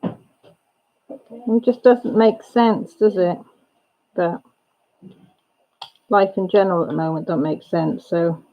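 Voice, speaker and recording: A woman's voice: on the low side, fairly even intonation, slow, pauses often. Chatty woman hosting a lo-fi livestream. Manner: chatty, greets and answers viewers' comments by name while talking to family off-camera. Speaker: livestream host and mother. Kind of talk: casual livestream chat. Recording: dull lo-fi audio.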